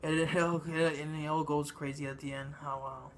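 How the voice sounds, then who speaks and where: A man giving a casual spoken movie review, halting and meandering, with lots of ums and uhs. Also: on the high side, level tone, a little hiss or hum. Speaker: film reviewer.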